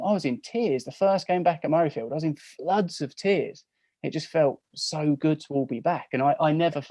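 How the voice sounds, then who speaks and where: A man's voice: medium pitch, warm tone, no room sound. A man in his forties from England, chatting as a podcast guest on a video call, telling stories in a chatty, self-mocking way. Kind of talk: casual chat.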